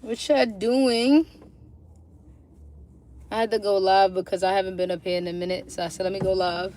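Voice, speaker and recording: A woman's voice: medium pitch, little pitch movement, racing, a little mellow. A tired woman talking casually to viewers on a phone live stream, chatty and slangy, greeting them again and again. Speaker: livestreaming mom.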